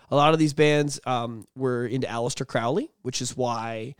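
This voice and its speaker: A man's voice: mid-range voice, flat delivery, moderate pace, smooth, no echo, studio quality. A man telling a story on a casual podcast, rambling and profane, laughing now and then. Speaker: podcast co-host.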